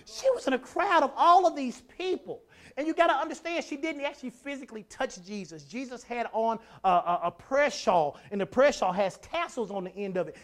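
A pastor delivering a sermon with a mid-range voice, speaking casually and with emphasis. Key lines are repeated for effect, with stammered restarts along the way. The delivery climbs from hushed asides to loud, driving stretches. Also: medium pitch. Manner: builds from quiet to loud passages.

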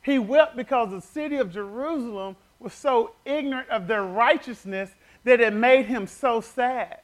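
A man's voice: very high-pitched, moderate pace. A man preaching a fervent sermon, telling stories and leading call-and-response with the congregation.

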